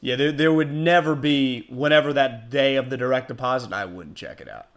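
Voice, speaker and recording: A man hosting a casual sports talk show, talking in an animated way and breaking into loud, excited bursts. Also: medium pitch, brisk. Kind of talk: casual sports radio chat.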